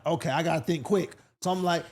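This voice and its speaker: A man's voice: fairly high pitch, fast. A male comedian from Sacramento telling a story in a casual podcast chat, acting out the voices of the people in it. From Sacramento, California. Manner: animated, acts out voices in his stories. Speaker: comedian guest.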